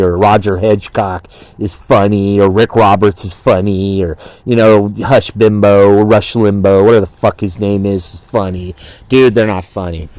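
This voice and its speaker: A man's voice: lowish voice, a little mellow, no echo. A man hosting a talk radio show, boastful and swaggering, with a rambling, profane delivery. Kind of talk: brash comedic talk radio rant.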